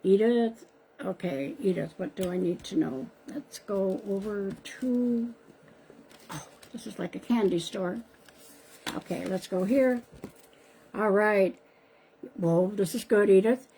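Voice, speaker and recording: A woman's voice: medium pitch, slow, long pauses, mellow, slight background noise, low-quality recording. A woman psychic medium giving card readings to viewers on a live stream, chatty and calling out their names. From Canada. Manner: chatty, addresses viewers by name. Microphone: live-stream device mic.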